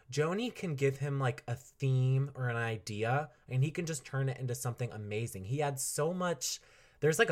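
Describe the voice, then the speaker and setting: A young man hosting a music podcast, talking casually and enthusiastically with lots of fillers and laughs. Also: medium pitch. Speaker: podcast host reviewing an album. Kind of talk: casual solo podcast talk.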